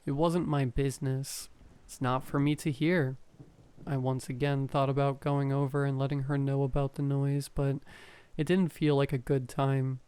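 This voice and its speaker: A man reading a first-person horror story aloud, calm and measured as a storyteller. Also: medium pitch, smooth.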